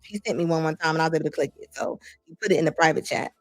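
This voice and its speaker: A woman's voice: deep voice, rapid-fire, dry recording, clean studio sound, soft background music. A woman host doing casual livestream commentary, chatty and slangy, laughing as she gives her opinions.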